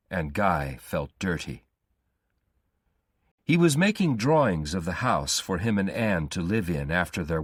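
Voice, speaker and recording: A man reading a simplified story aloud slowly and deliberately for English learners. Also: low voice, slightly rough, no room sound, clean studio sound. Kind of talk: graded reader narration for English learners.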